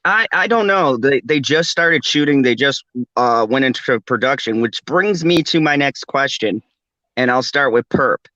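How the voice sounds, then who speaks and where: Guy hosting a late night chat, rambles and laughs a lot, bright voice, kinda muffled. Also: mid-range voice, animated, moderate pace, dry recording. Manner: laughs often, rambling, does a mock Australian accent. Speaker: podcast host.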